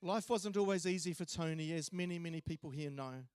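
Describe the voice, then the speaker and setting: A man delivers a memorial eulogy in a church, telling stories conversationally with small hesitations. His voice sits high for a man. The recording is dry and close, with little room sound. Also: fairly quick, a little mellow, clear, resonant tone, no echo. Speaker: eulogy speaker.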